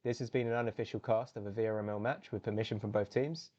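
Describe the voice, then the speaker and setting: A young man casting a live video game match on his own, chatty and self-correcting, then jumping to loud, high exclamations on big plays. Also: fairly even intonation, fast talker, muffled recording. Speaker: esports caster. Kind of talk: solo live game commentary.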